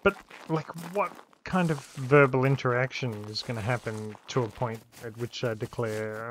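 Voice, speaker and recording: A man's voice: mid-range voice, expressive, moderate pace, hardly any pauses, fairly bright tone, rough recording. A man streaming a survival game, chatting casually and joking, often trailing off mid-sentence, with faint noise behind. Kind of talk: casual gaming chat.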